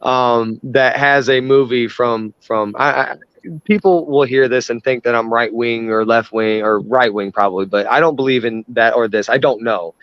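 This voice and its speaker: A man's voice: mid-range voice, steady tone, moderate pace, clear, resonant tone, no room sound. Profane, ranting man, dull dry sound. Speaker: podcast host. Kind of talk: casual chat.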